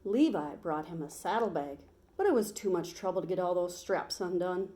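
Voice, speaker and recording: A woman teacher reads a picture book aloud to children. She tells the story in a lively, expressive way, lifting her voice at the exciting parts. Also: lowish voice, moderate pace.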